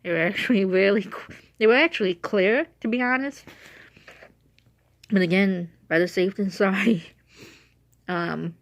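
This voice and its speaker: A woman's voice: mid-range voice, a little slow, pauses often. A young woman talking casually in a rambling, self-correcting way on her vlog, emotional as she remembers her late dog. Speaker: vlogger.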